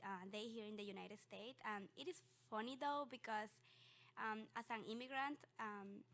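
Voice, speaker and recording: Halting young woman with a Spanish accent. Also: a little high, fairly bright tone. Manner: halting, with many fillers and restarts. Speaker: student storyteller. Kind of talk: personal story told on stage.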